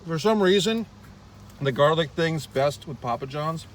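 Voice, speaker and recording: Man, slightly high voice, profane, rambling, wry asides, casual eating vlog, in a car, faint background hum. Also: expressive, unhurried. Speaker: vlogger.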